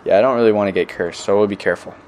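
A man's voice: lowish voice, very fast, darkish tone. A young man, a missionary, telling stories in a casual recorded message to his family, rambling with many fillers. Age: young adult.

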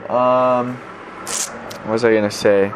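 A man's voice: medium pitch, fairly even intonation, slow pace, a little hiss or hum. A young adult man telling a story casually to the camera as a missionary, rambling and filling gaps with "like.". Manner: rambling, filler-heavy, lots of "like".

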